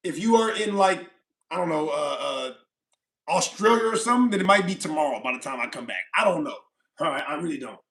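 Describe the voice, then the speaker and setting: High bright-voiced male streamer. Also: animated, fairly quick. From California. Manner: rambling, repeats himself, laughs often. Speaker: livestream host. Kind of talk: casual livestream chat reading comments.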